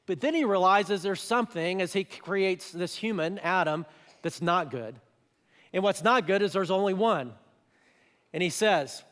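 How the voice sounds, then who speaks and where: A man preaching a sermon as pastor, talking in a casual, animated way with quick voiced asides. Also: high voice. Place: church auditorium. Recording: church hall with long reverb.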